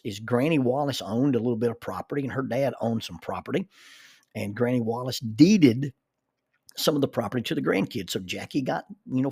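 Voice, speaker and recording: Middle-aged man, folksy storyteller, gravelly and a bit husky, dry close sound. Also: mid-range voice, darkish tone, dry recording. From southern United States. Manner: folksy, repeats words when starting sentences. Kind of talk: personal storytelling.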